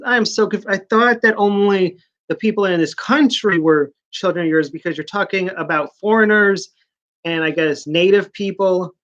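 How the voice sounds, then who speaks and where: A man's voice: sits high, moderate pace, fairly bright tone, muffled recording. Sarcastic man ranting about comics. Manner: sarcastic, rambling, mocking asides. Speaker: comic book reviewer. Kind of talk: casual comic book review.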